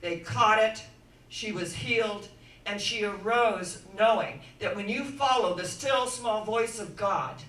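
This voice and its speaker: A woman giving an inspirational sermon-style talk, telling stories dramatically and swinging from hushed to loud. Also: on the high side, unhurried. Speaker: inspirational speaker. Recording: echoey room, voice from far off.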